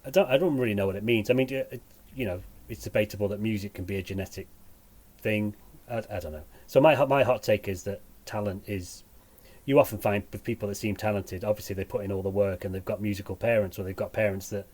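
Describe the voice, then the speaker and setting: A low-voiced man from England chats as a podcast guest. He talks in a halting way, circling back and repeating words while he works out his thoughts. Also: a little mellow. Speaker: podcast guest, musician and teacher. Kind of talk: casual interview chat.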